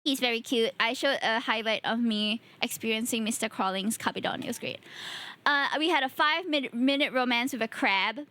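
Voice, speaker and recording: A woman's voice: a little high, moderate pace, sharp tone. A tired woman streamer, chatting playfully and addressing her chat. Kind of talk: casual live-stream chat.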